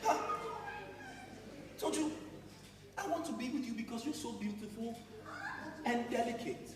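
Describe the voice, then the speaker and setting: A man's voice: extremely high pitch, a little slow. A man in his twenties with a Nigerian accent, acting in a stage drama as a young man pleading with his fiancée, emphatic and often laughing. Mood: tender. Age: 20s. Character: Nigerian man, passionate, loving, frustrated. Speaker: stage actor. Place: theater stage. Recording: echoey hall from far off, audience.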